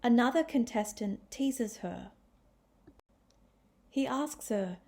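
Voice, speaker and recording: A woman teaching an English lesson, speaking in a clear, deliberate way and demonstrating different tones of voice. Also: mid-range voice, darkish tone. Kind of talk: scripted lesson narration.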